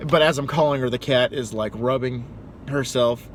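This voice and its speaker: A young man, a pizza delivery driver, telling funny work stories in an animated, chatty way, casually cussing. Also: mid-range voice, normal speed, slight background noise. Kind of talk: casual storytelling to camera.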